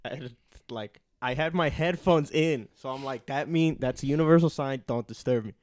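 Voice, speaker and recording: A man's voice: mid-range voice, moderate pace, darkish tone. A young man co-hosting a podcast, telling work stories in casual chat, laughing often and swearing. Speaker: podcast co-host.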